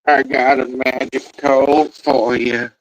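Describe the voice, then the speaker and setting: A man's voice: medium pitch, level tone, takes it slowly, no echo, low-quality recording. A man vlogging casually outdoors in the rain, rambling and swearing loosely to himself and his cat.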